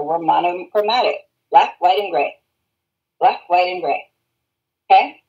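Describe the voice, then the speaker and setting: A woman's voice: mid-range voice, slightly rough, poor audio. A woman teaching a radiology class, repeating key terms and checking in with students. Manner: repeats key words and checks understanding with questions. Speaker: radiology instructor. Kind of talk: classroom lecture.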